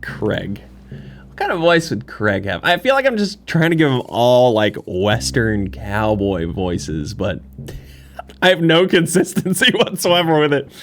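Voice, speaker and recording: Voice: medium pitch, very animated, a little slow. A gaming YouTuber giving playful, giggly let's-play commentary, cooing at little creatures in the game. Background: game music.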